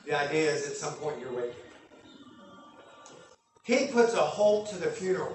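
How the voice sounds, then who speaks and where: High-voiced preacher in an echoey hall. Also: male voice, moderate pace, long pauses, soft background music. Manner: animated, acts out scenes with loud bursts. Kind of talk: sermon teaching from scripture. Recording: echoey room, speaker far from mic.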